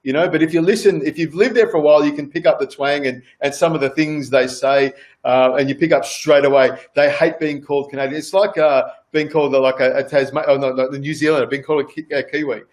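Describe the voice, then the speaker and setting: A man's voice: on the high side, steady tone, fast talker. A man with an Australian accent, a chef chatting casually as a guest, rambling and repeating words with many fillers. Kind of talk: casual chat on a video call.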